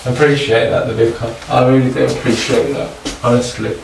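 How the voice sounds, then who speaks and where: A man hunting ghosts at night in a haunted house, slowly asking the spirits questions and swearing in awe. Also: medium pitch, fairly even intonation, vocal fry, background noise. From United Kingdom. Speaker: paranormal investigator. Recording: echoey room, mic at a distance.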